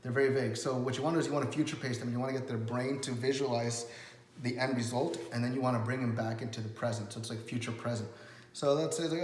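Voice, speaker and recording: A man's voice: mid-range voice, steady tone, rapid-fire, a little mellow, echoey room, in a large hall. A man giving a casual sales lesson, acting out customer conversations and laughing often. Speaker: sales trainer. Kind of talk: casual instructional talk.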